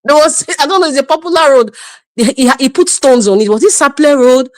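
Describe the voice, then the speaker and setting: A woman's voice: high-pitched, expressive, fast, no echo. A woman with a Nigerian accent giving scolding, mocking political commentary on a livestream, laughing often.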